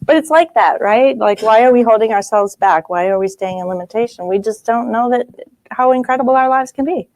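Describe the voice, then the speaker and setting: A woman's voice: on the high side, brisk, a little mellow, dry recording. A woman guest speaker at a spiritual group, effusive and laughing often as she talks with the gathering. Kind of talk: warm spiritual group chat. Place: community meeting room.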